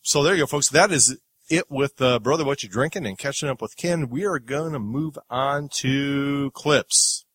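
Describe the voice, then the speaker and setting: A man's voice: medium pitch, normal speed, a bit bright, no echo. Guy hosting a movie podcast, laughs a lot, dead dry sound. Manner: laughs easily, plays clips. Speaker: podcast host. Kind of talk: casual movie review chat.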